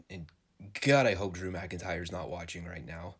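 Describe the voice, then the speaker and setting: A man with a somewhat low voice hosts a solo podcast in a relaxed, off-the-cuff way. He cracks jokes, swears now and then, and fills gaps with filler words as he talks his viewers through the show. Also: moderate pace, breathy edge. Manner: joking, profane, loose with filler words. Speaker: wrestling podcast host. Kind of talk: casual solo podcast commentary.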